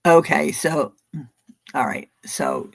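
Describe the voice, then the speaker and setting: Speaking slowly in a low, gravelly voice with a breathy edge, a Philadelphia woman in her seventies reads tarot for a livestream audience. She chats casually, hopping from story to story and laughing a lot.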